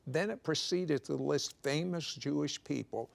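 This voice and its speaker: Gravelly man telling his story. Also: fairly high pitch, measured pace. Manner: animated storyteller, teasing jokes. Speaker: guest telling his testimony. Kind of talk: conversational testimony. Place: TV studio. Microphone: clip-on microphone.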